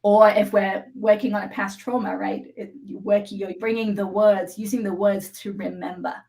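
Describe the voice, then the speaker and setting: A woman with a mid-pitched voice walks through a self-help technique point by point. Her delivery is calm and instructive. She keeps checking that the listener is following. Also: moderate pace, gravelly, rough recording. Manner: calm, instructive, frequent "right?" check-ins. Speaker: EFT tapping practitioner, guest. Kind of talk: explaining a technique on a live show.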